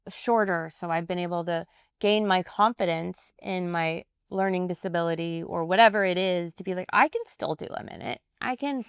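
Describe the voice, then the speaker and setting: Actress guest, woman, lively and chatty, clean dry studio voice. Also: lowish voice, normal speed, smooth, no echo. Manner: animated, chatty, laughs easily. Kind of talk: casual interview chat.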